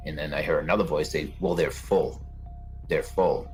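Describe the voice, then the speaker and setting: A man's voice: very deep voice, steady tone, fairly quick, faint music behind. A man telling his own story as an interview guest, in plain conversational storytelling. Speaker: guest, bombing survivor. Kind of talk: personal account in an interview.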